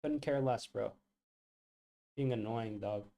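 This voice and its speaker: A man's voice: mid-range voice, slow pace, gravelly. A man hosting a live football watchalong, chatting casually with viewers and reacting to the match with lots of slang. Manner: chatty, reacts loudly to goals, talks to chat with slang. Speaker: livestream watchalong host.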